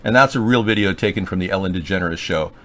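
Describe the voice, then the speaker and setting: A man's voice: low-pitched, fast, a bit bright. A man hosting a political livestream, rambling and joking with sarcasm. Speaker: livestream show host.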